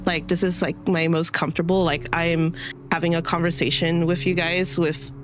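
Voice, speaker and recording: A woman's voice: on the low side, flat delivery, normal speed, background noise. A woman streamer chatting casually with her audience, rambling with many fillers and restarts, her throat a little dry. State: dry throat, clearing it now and then.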